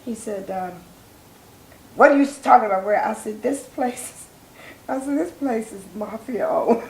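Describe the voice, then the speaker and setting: A woman's voice: a little high, a little slow, creaky. An older woman, a soul singer, telling her life story as an interview guest, acting out the voices of people in it. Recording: echoey room, faint noise.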